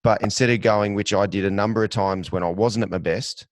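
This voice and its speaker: A middle-aged man hosting a podcast interview, reflective and quick to laugh, asking long rambling questions. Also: lowish voice, fairly even intonation, dry recording. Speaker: podcast host. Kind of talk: casual interview chat.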